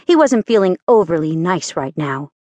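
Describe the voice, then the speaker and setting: A woman narrating a romance audiobook in a measured, even storytelling manner. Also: on the low side, no echo. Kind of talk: scripted narration.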